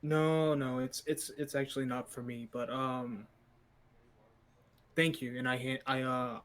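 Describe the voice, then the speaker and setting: A man's voice: medium pitch, level tone, moderate pace, fairly bright tone. A man playing his character in a tabletop game, hesitant and full of restarts. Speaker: player.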